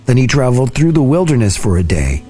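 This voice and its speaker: A man reading scripture aloud in a slow, deliberate, soft-spoken way. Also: medium pitch, sing-song. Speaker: scripture reader. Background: soft guitar music.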